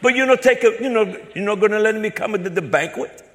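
A man's voice: high-pitched, long reverb tail, pitched above the performer's own voice, lightly acted. Man putting on a befuddled old man in broken English. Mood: playing dumb. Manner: slow, halting broken English.

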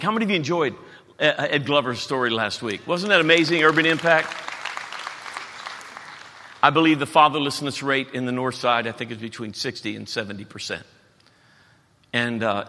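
A folksy pastor in his fifties with a lilt, telling stories and jokes from the pulpit. His voice is bright and forward, and a long church-hall reverb trails after it. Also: medium pitch, normal speed, some chatter behind, slight background noise. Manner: folksy, joking, animated storytelling. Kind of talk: sermon. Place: church auditorium.

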